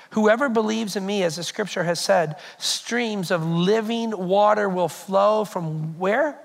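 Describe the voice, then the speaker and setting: A man's voice: sits high, a little slow, creaky, hardly any pauses. A man preaching a sermon as pastor, telling stories and speaking directly to his congregation. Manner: storytelling, animated, addresses congregation directly.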